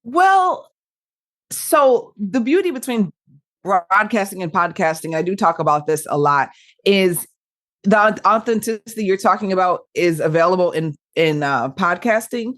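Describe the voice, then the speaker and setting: A woman with a mid-range voice talks through her broadcasting career in an animated, brisk way. She laughs often and keeps things casual, like a chat between friends. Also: medium pitch. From Michigan. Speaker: podcast guest, radio broadcaster.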